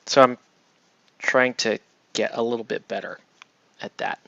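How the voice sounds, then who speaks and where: A man's voice: mid-range voice, fairly even intonation, a little slow, gravelly, fairly bright tone. A man hosting a casual painting tutorial, chatty and rambling as he works, often checking in with "right?". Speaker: miniature painting host. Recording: dull lo-fi dry sound.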